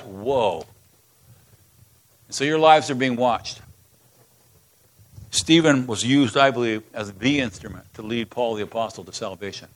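A man's voice: medium pitch, fairly bright tone. A man preaching a sermon as pastor, reading scripture aloud with passion and emphasis.

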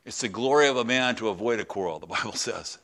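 A male pastor preaching a sermon in a conversational way, with halting restarts and drops into quiet, prayerful tones. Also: lowish voice, lively intonation.

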